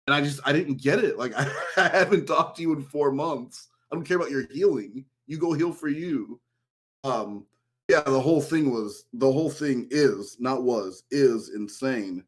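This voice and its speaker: A man tells a long personal story in relaxed podcast chat. His voice sits in a middle pitch, and he gets animated whenever he quotes someone. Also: moderate pace. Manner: storytelling, animated when quoting an ex. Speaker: podcast guest. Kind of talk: casual chat.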